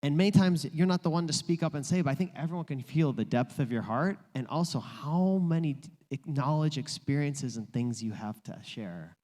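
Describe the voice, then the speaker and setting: A man's voice: fairly high pitch, warm tone. Earnest man hosting in an echoing room. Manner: earnest, measured, slow when asking. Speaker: interviewer and community host. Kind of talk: reflective interview questions. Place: community office room.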